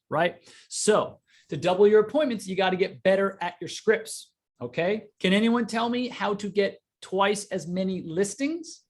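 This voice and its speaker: A man coaching a live online sales class, energetic, often checking in with "right?". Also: high voice. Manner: energetic, repeats "right?" to the audience.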